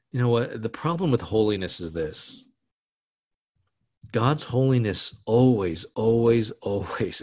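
A man preaching a sermon as pastor, conversational, often restarting and adding asides, dropping to a hush on solemn words. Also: mid-range voice.

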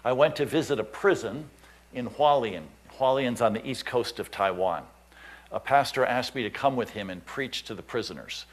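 A man preaching, telling a personal story in an animated, anecdotal way. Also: mid-range voice, moderate pace. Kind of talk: sermon storytelling.

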